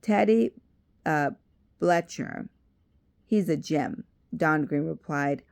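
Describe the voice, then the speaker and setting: A woman's voice: sits low, slow pace, vocal fry, a little mellow, heavily acted. A woman reading aloud as a confident male author who speaks with a southern drawl. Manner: confident and storytelling.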